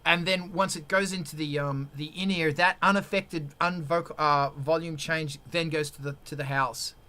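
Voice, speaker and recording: A man hosting a live stream as a musician, talking in a rambling, excitable, teasing way. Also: a little high, moderate pace. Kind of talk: casual live-stream chat.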